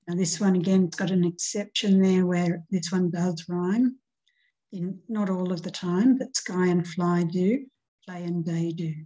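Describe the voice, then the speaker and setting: Slow, mellow-voiced woman teacher. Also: on the low side, poor audio. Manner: reads examples aloud and counts syllables deliberately. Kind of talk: recorded remote grammar lesson.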